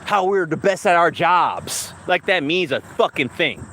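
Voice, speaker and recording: A man's voice: high-pitched, expressive, measured pace, a bit bright, a little hiss or hum. A man ranting angrily and profanely while walking down a city street, talking into a phone on a livestream. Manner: heated, profane, repetitive. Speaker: livestream host. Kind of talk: angry street rant.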